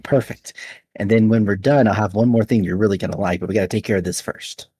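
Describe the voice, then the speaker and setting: A man's voice: quick pace, mellow, husky, dry recording. Laughing man playing a tabletop game. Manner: chatty, laughs often, lifts pitch for in-character lines. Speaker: player.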